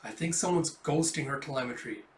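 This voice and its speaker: A man's voice: mid-range voice, a little fast, recorded from a distance, close to an everyday voice. A man voicing an earnest, slightly hesitant young male technician. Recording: roomy echo.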